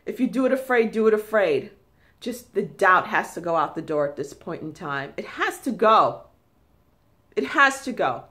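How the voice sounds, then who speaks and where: A woman with a New York accent giving an emphatic spiritual talk, repeating herself and rising into high, forceful tones. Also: big pitch swings, normal speed. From New York City. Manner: emphatic, repetitive, high-pitched bursts. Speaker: spiritual channel host.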